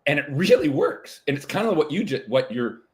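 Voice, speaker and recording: A middle-aged man talks casually as a comedian guest, stopping and restarting his sentences with lots of fillers. His pitch bounces around a lot as he tells his stories. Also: gravelly. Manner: animated, halting with many fillers and restarts. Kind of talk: casual interview chat.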